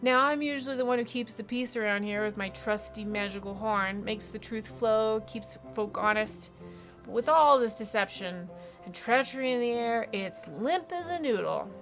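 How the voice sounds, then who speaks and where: A woman voicing a sad, weary unicorn spirit, speaking slowly and mournfully, with game music behind. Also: on the high side, fairly bright tone. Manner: slow, drawn-out mournful delivery.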